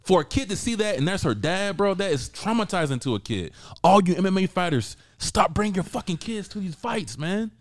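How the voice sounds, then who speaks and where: Man, podcast co-host, fired-up rant, swearing, high voice, swooping pitch. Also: a little fast, few pauses, dry recording. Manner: excitable, profane, ranting. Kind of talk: casual sports chat.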